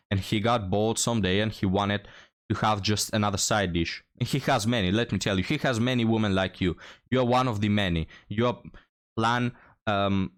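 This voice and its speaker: A man giving scornful, lecturing reaction commentary on a played clip. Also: on the low side.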